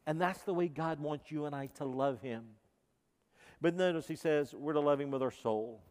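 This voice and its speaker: A man preaching a sermon as pastor, impassioned, moving between loud emphasis and hushed intensity. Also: a little high, normal speed. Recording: reverberant hall.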